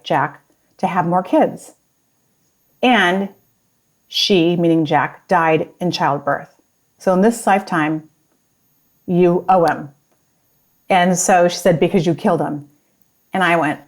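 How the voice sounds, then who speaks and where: Low-voiced woman telling a story. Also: darkish tone. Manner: storytelling, acts out quoted lines. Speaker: guest, business partner. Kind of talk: casual conversation.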